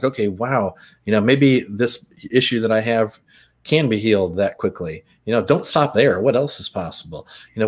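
A man co-hosting a podcast, telling a personal story in a loose, reflective way with plenty of fillers. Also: lowish voice. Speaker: podcast co-host. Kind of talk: casual chat.

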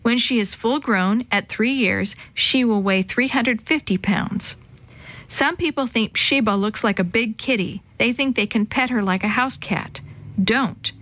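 A woman voicing a calm, firm male animal trainer who gives steady, cautioning instructions. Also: extremely high pitch, unhurried, exaggerated voice. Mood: explaining. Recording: dry close sound.

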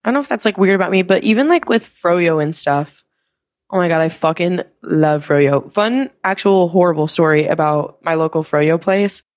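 Chatty young woman, lowish voice. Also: normal speed. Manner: chatty, rambling, frequent "like" fillers, swears casually. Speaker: podcast host. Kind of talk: casual storytelling chat.

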